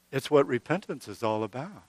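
A middle-aged pastor preaches a sermon in an earnest, conversational way, often restarting his sentences and building emphasis as he goes. His voice is medium in pitch, on a dry recording.

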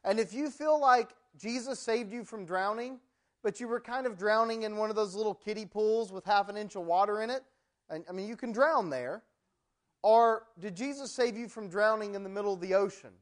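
A man leads a church theology class, and his voice sits notably high for a man. He keeps it loose and joking, talking his way through ideas with plenty of ums and uhs. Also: moderate pace. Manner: joking, chatty teaching with many ums and uhs. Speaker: pastor teaching a theology class.

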